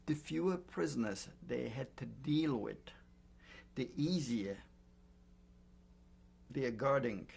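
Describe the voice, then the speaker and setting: An older man recounting his memories in an oral history interview, speaking in a halting way with many pauses and fillers. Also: mid-range voice, gravelly, a little mellow, husky. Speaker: Holocaust survivor giving testimony.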